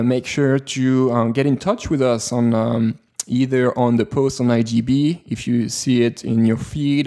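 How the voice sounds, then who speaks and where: Mellow-voiced man with a French accent. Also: medium pitch, creaky. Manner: relaxed, rambling with many fillers. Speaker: podcast co-host. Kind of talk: casual podcast chat.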